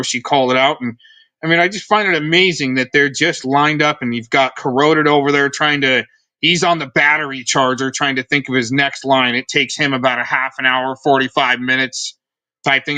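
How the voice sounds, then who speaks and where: A man's voice: medium pitch, bright, forceful tone. A man hosting a livestream, ranting in a sarcastic, rambling, scornful way as he comments on a recording. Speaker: livestream host.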